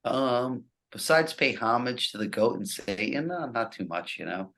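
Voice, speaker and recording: A man's voice: medium pitch, lively intonation, normal speed, fairly bright tone. A middle-aged man from the New Jersey and New York area, a guest musician chatting casually on a podcast in a laid-back, sarcastic way that breaks into easy laughs. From New Jersey and New York area, USA.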